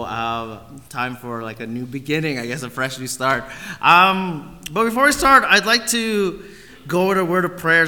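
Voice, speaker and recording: A man's voice: fairly high pitch, sharp tone, long reverb tail. A man in his thirties giving a casual, rambling sermon at a church, full of fillers, on a handheld mic. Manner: chatty, rambling, full of likes and ums. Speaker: guest preacher. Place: church hall.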